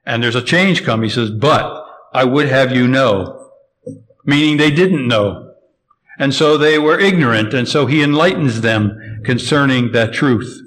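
A man preaching an expository sermon, measured and emphatic, slowing down to stress key phrases. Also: mid-range voice, a bit bright, low-quality recording.

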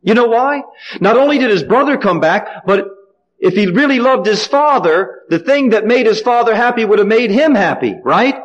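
A man preaching a sermon, asking the congregation questions and letting them call back the answers, with sudden swings in pitch and pace. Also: animated, normal speed, muffled recording. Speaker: pastor.

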